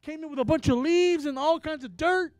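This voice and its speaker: A man who is a traveling minister, telling a story in a sermon with animated, acted-out dialogue. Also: extremely high pitch, a little fast, no echo.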